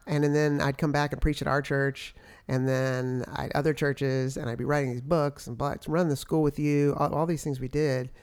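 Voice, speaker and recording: A man in his forties, a pastor, talks things over with his wife in a relaxed, reflective way. He speaks with plain fillers and frequent agreement as they look back together. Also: medium pitch, normal speed, hardly any pauses, clean tone. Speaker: pastor, podcast co-host. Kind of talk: casual conversation with spouse.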